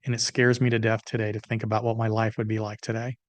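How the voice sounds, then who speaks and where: A man in his fifties, a business consultant telling a personal story as a podcast guest, lively and dramatic, acting out the voices of others. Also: on the low side, fast talker, no echo, muffled recording. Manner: animated storyteller, acts out dialogue. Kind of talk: storytelling interview answer. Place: podcast recording.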